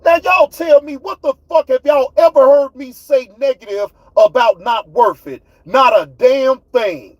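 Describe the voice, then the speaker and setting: Man, livestream host, heated profane rant, very high voice, dry close sound. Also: normal speed, hardly any pauses, dry recording, low-quality recording. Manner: profane, fiery, talks straight to chat.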